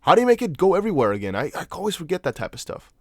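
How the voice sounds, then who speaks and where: In a high, sing-song voice that races along, this young adult man, not a native English speaker, runs a casual crypto livestream. He answers viewer comments loosely, with restarts and apologetic asides, and the audio is dry and clean studio sound.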